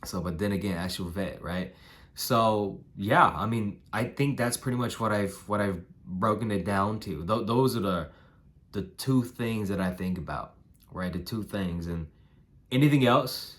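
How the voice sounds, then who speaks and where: A young man with a hoarse, nasal voice giving casual advice on raising puppies, repeating himself and tagging lines with "right?" and "man". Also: on the low side, measured pace, a bit bright. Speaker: dog breeder giving advice. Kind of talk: casual instructional vlog.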